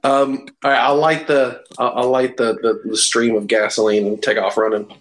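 A mid-pitched man with an easygoing, laid-back delivery, taking charge of the plans during a tabletop role-play. A faint hiss sits under his voice. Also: level tone, normal speed, low-quality recording.

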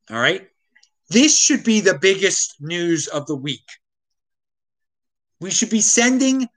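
A man from the Baltimore area talks through his solo show in a loose, ranting monologue. His pitch swings widely as he grows exasperated, stumbling and restarting mid-sentence before pressing on. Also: a bit bright, rough recording. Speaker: show host. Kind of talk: casual opinion monologue.

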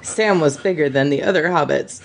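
A woman's voice: deep voice, fairly quick. A woman co-hosting a podcast, reading fan fiction aloud and often breaking into laughter. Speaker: podcast co-host.

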